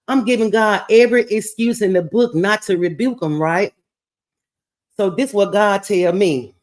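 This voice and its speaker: A woman podcast host telling a testimonial story, animated, laughing and preachy. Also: mid-range voice, normal speed.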